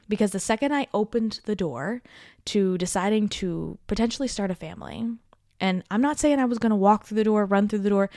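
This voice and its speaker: A woman's voice: medium pitch, no room sound. Encouraging woman podcast host, dry close sound. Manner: warm encouraging, repeats "okay?" and "right?"; chatty with laughs and asides. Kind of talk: casual heartfelt podcast talk.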